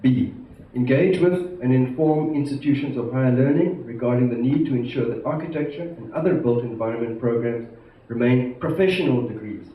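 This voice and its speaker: Man speaking in an echoey hall. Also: mid-range voice. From South Africa. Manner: measured, emphatic, stresses key words. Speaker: institute president giving a conference address. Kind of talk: formal prepared speech to a conference. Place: large conference hall. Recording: echoey hall, distant mic, muffled, faint hiss.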